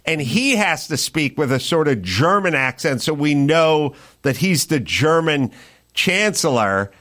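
Man, podcast host, animated pitch, wry and joking, casual. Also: a little slow. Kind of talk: casual chat.

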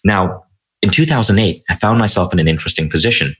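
A man who is a guest on an interview show, telling motivational stories about his life in an animated, emphatic way. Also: low voice, fast talker. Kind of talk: motivational storytelling.

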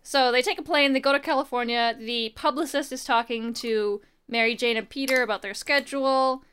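A young woman with a fairly high voice talks through a comic issue in a loose, chatty way. She tosses in wry asides and briefly mimics the characters as she goes. There is a faint hiss behind her. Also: steady tone, fairly quick, fairly bright tone. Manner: chatty, wry asides, acts out quoted lines. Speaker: podcast co-host. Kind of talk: casual comic book recap.

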